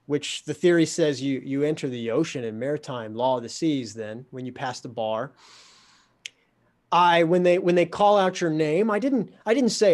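A man telling a story in casual talk, lively, sardonic and poking fun at himself. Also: fairly high pitch. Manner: lively, sardonic, self-mocking.

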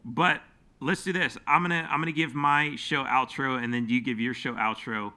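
A man's voice: medium pitch, fairly even intonation, pushed and bright. A man hosting a podcast, talking casually with many ums and restarts. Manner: halting, many fillers and restarts. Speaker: podcast host.

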